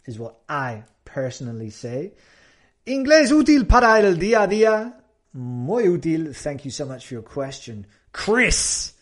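Brief: male language-teacher host, unhurried delivery, relaxed and conversational. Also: a little high. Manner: relaxed, many fillers, demonstrates example phrases. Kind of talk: casual teaching chat mixing Spanish and English.

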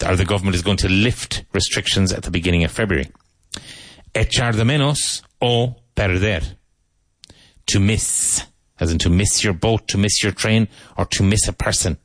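A man teaching English vocabulary, saying each word slowly, repeating it and spelling it out, with tips on pronunciation. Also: low-pitched, fairly bright tone, dry recording. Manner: slow, deliberate, repeats and spells out words.

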